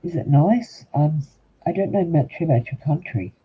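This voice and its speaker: Here the older Australian tarot reader sounds animated, his voice on the high side and his speed normal. He rambles and chats casually with livestream viewers, ums often and addresses the chat head-on. The audio is tinny and husky, like a phone recording.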